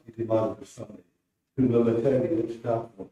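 A man, a writer, reading his prose aloud in a steady, measured way at a presentation. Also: medium pitch. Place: presentation room. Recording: roomy hall from far off.

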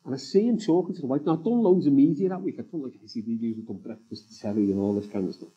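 A man's voice: medium pitch, expressive, very fast, breathy edge, muffled recording. A man telling candid personal stories as a guest in a live on-stage interview. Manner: candid anecdotal storytelling. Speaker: guest, TV writer. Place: convention centre stage before an audience.

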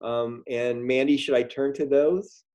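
A middle-aged man telling a story on a video call, halting, with many ums and restarts. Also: medium pitch, steady tone, dark tone, dull audio. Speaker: guest speaker. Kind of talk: storytelling talk in a virtual meeting.

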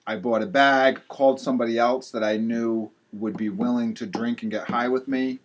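A man's voice: medium pitch, normal speed. A man from Rhode Island, a podcast guest, telling his story candidly and animatedly, acting out what others said. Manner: animated, acts out other people's lines.

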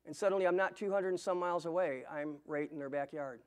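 A man's voice: a little high, fast. A middle-aged man giving a personal testimony in a church sermon, telling his story earnestly, often stumbling and restarting his words. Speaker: guest preacher giving testimony. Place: church sanctuary.

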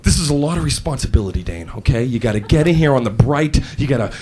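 A man's voice: mid-range voice, animated, fast, warm tone, a little hiss or hum, voice pushed down, lightly acted. A man voicing a super serious male store manager who lectures an employee, in a live stand-up set. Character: stern middle-aged male video store manager.

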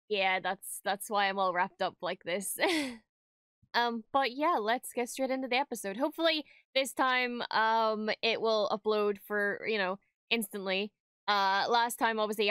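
A young woman streamer reacting to a TV episode at home, talking casually and breaking into quick, excitable exclamations. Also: mid-range voice, clean tone, no room sound, studio quality. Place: home room, wrapped in a blanket.

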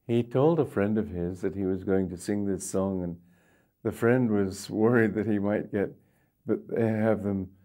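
An older man, a spiritual teacher, gently telling stories in a sermon, unhurried with frequent pauses. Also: on the low side. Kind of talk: storytelling sermon.

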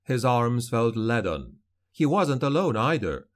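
A man reads a dark fantasy tale with dramatic, measured delivery. His pitch moves widely, lifting and falling with the action. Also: very animated. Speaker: audiobook narrator. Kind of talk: dramatic fantasy audiobook narration.

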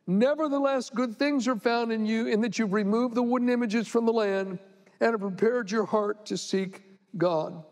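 A male pastor delivers a sermon in a strikingly high voice, reading scripture and then retelling it in a loose, conversational way. He pushes into sharp, emphatic indignation when he argues a point. His voice rings out with a long reverb, as if from a big hall. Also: normal speed.

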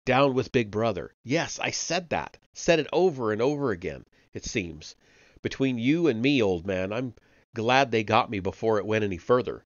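A man's voice: lowish voice, lively intonation, normal speed, no echo, muffled recording, close to an everyday voice. A man reading aloud and voicing a frightened, servile, middle-aged male prisoner who pleads eagerly and talks sanctimoniously.

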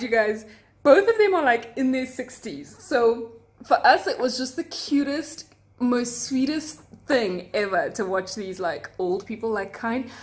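A young South African woman, a flight attendant, telling stories from her workday in a chatty, giggly way, full of likes and asides. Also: on the high side. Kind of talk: casual chat.

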